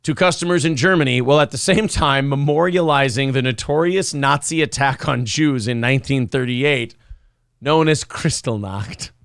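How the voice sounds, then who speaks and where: A man's voice: mid-range voice, moderate pace, fairly bright tone, clean tone, no room sound, clean studio sound. A male morning show host in casual comedic radio talk, irreverent and joking with stammered restarts. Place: studio.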